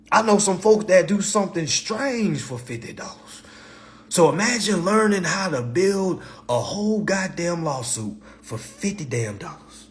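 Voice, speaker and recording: A fairly high-voiced man ranting on his livestream, blunt and full of swearing. He hammers the same phrases over and over and swings from loud outbursts down to low asides. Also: big pitch swings, unhurried. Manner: passionate, blunt and profane, repeats himself, swings between loud and low. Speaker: livestream host. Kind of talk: profane livestream rant.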